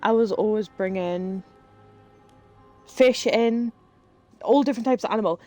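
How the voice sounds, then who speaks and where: A woman's voice: mid-range voice, a little slow, a little mellow, soft background music. A woman streaming live, telling rambling stories in casual chat while she plays a game and swearing freely. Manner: chatty, rambling storyteller who swears freely.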